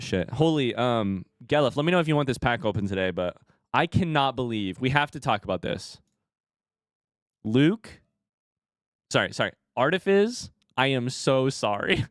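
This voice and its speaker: Excitable male streamer, smooth dry voice. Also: medium pitch, no room sound. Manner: excitable, swings from hushed to shouting. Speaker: streamer host. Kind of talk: casual live stream chat.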